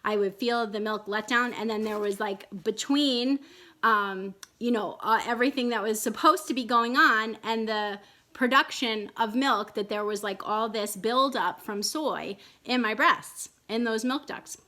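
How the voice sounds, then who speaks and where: A woman's voice: a little high, measured pace, pushed and bright. Rambling woman telling her story. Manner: rambling, many fillers and restarts. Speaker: vlogger. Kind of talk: casual personal storytelling.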